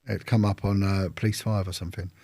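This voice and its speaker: Brief: London man, low gravelly voice, husky, rambling storyteller. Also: little pitch movement, quick pace, mellow, no room sound, clean studio sound. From London, England. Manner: rambling, with restarts and acted-out quotes. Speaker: interview guest. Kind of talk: casual storytelling.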